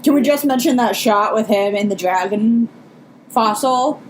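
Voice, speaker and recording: A woman's voice: fairly high pitch, a little slow, a little hiss or hum, poor audio. A woman co-hosting a casual commentary podcast, mostly chiming in with short agreements and teasing remarks. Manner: brief agreeing interjections, teasing. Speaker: co-host.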